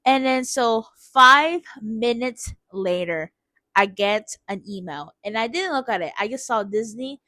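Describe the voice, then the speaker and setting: A woman's voice: a little high, lively intonation, a little slow, pushed and bright, dry recording. A young woman talking casually in a vlog voice-over, filling her sentences with "like" and acting out her own past reactions. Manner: chatty, many "like" fillers, exclaims quoted reactions. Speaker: vlogger.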